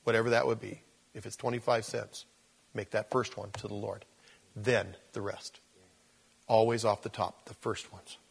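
A man's voice: lowish voice, flat delivery, moderate pace, gravelly, breathy edge. Folksy, rambling male pastor. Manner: rambling, folksy, self-correcting. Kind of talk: conversational Bible teaching.

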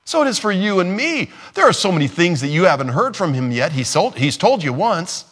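A man's voice: high-pitched, very animated, fairly quick, fairly bright tone. A man preaching a sermon in an earnest, conversational way, laughing now and then and acting out scripture dialogue. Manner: acts out scripture dialogue in different voices.

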